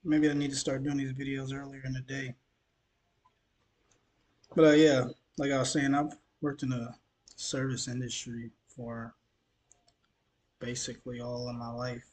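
Man, tired, mid-pitched voice, rambling casual vlog talk, trips over words. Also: little pitch movement, measured pace, pauses often, darkish tone, a little hiss or hum. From Mississippi, USA. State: tired, dehydrated after the gym. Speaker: news vlogger.

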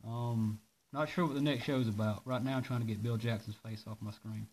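A man talks casually on a live stream, launching into animated rants in his mid-range voice. His delivery is loose and drawling, with a faint hiss underneath the recording. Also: medium pitch, a little fast, poor audio. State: out of breath. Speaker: host of a live parts-shop video.

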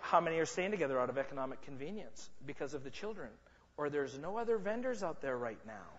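In a large conference room, a high-voiced sales and marketing speaker leads a playful seminar for a live audience, teasing people as he goes. He's expressive and fast, while the recording is muffled, carries a long hall echo, and has a noisy background.

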